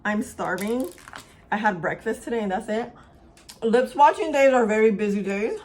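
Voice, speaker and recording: A woman's voice: mid-range voice, normal speed, darkish tone. A young woman chatting casually to camera as a beauty vlogger, upbeat and talking while she eats, at home by a window.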